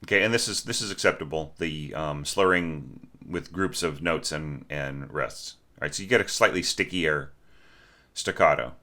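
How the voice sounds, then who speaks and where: A man with a very low voice talks through a student's orchestration as a teacher. His tone is bright and forceful, and he keeps the critique conversational, checking in with "right?" and singing short notes to show what he means. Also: moderate pace. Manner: conversational, asks questions, sings short notes. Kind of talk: spoken score critique.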